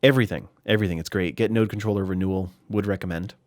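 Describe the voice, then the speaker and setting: A man casually talking through his game mods in a relaxed, chatty way, with fillers and restarts, a little out of breath at times. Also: deep voice, rapid-fire, dry recording, studio quality. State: slightly out of breath. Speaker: gaming YouTuber. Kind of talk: casual screen-recorded tutorial commentary.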